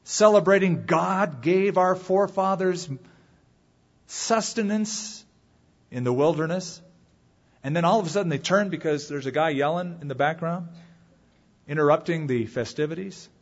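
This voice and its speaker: A man preaching a sermon with dramatic swings from loud calls to quiet asides. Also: on the high side, normal speed, highs cut off. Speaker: pastor.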